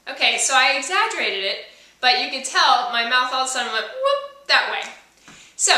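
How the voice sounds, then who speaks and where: In a room full of echo, with the microphone set far back, a female voice teacher gives a friendly on-camera explanation of singing technique and demonstrates by singing. Her voice is a little high, bright, and forceful.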